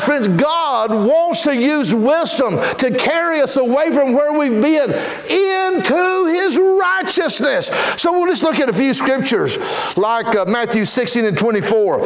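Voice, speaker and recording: Man, pastor preaching, high voice, echoey church. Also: animated, measured pace. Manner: folksy, storytelling, fervent. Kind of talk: sermon. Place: church sanctuary.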